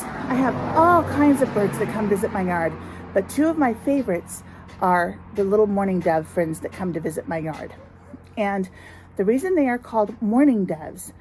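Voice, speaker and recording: A woman preschool teacher giving a gentle, sing-song circle time lesson to young children, talking outdoors in a front yard. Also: a little high, slight background noise, low-quality recording.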